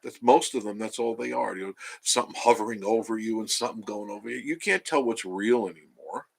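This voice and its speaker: A man's voice: on the low side, brisk, vocal fry, breathy edge. A man hosting a live stream from home, rambling through a story and reading out chat comments. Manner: rambling, chatty, self-interrupting.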